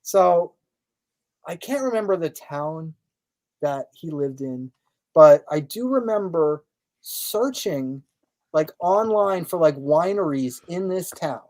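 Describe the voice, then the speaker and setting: An American man, a guest on a podcast, telling an anecdote in a casual, animated way with lots of fillers and restarts. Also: on the high side, slow. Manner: animated anecdote-telling, acts out others' lines; loose, filler-heavy talk with restarts. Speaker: guest, magazine editor.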